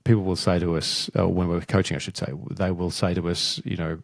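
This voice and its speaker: A man hosting a podcast interview, asking measured, thoughtful questions. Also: deep voice, little pitch movement, gravelly, no echo, clean studio sound. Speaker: podcast host.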